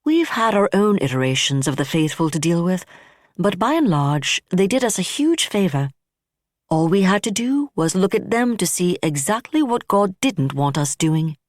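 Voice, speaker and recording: A narrator voicing a brisk, wry female admiral who speaks firmly and solemnly. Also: mid-range voice, big pitch swings, no room sound, studio quality, close to an everyday voice. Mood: earnest. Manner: firm and solemn.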